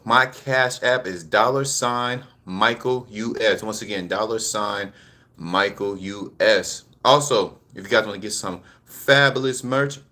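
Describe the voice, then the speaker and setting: This channel host speaks in a lowish, fairly bright voice while running a casual live commentary vlog. He's laid-back and slightly out of breath, repeats himself, and addresses his viewers directly.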